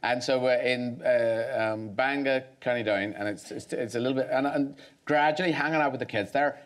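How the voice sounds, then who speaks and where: A man's voice: medium pitch, normal speed. A man as a guest on a talk show, speaking thoughtfully, rambling, with many restarts.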